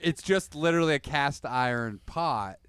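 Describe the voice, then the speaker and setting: A man's voice: a little high, expressive, normal speed, fairly bright tone, a little hiss or hum. A man co-hosting a podcast, telling profane stories and laughing through his lines. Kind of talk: casual comedic banter.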